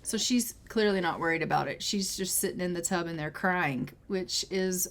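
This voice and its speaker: A woman's voice: fairly low pitch, fairly even intonation, normal speed. A woman narrating her life-simulation game as a story, describing what her characters do in a chatty, easygoing play-by-play. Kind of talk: storytelling gameplay commentary.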